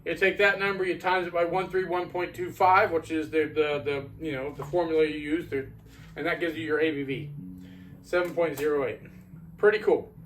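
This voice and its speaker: A man's voice: a little high, fairly even intonation, a little fast, a bit bright. Chatty homebrewer man, rambling. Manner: rambling, chatty, lots of fillers and restarts. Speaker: homebrew beer reviewer. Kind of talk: casual video review.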